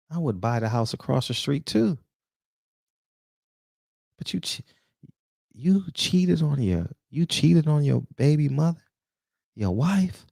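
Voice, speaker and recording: Fired-up man preaching with lively pitch. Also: creaky, dry recording, clean studio sound. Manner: preachy, confrontational, repeats rhetorical questions. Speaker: barbershop talk show host. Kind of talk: heated casual monologue.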